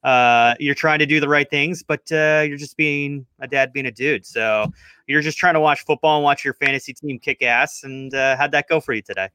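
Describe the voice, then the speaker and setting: A man's voice: a little high, steady tone, normal speed, sharp tone, clear, resonant tone, no room sound. A man co-hosting a casual podcast, easygoing as he steers the talk with questions. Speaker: podcast co-host.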